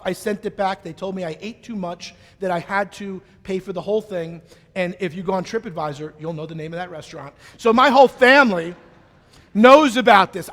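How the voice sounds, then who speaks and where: A middle-aged man giving a keynote speech on stage, telling a story in a playful, animated way. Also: high voice. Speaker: keynote speaker. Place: conference stage in a large hall. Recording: long reverb of a large hall.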